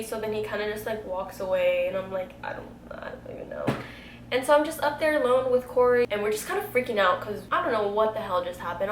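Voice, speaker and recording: A young woman, telling a story to camera in a casual, animated way and swearing freely. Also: mid-range voice. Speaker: beauty vlogger telling a story. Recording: echoey room, faint background noise.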